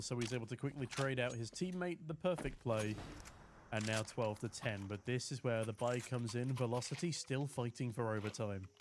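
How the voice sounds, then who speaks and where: A man casting a live esports match alone, calling the action and chatting with viewers in between. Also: medium pitch. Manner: chatty, eating while casting, reads chat aloud, rises to shouting at big plays. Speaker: esports caster. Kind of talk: solo live esports commentary with chat replies. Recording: streamed with clear background noise.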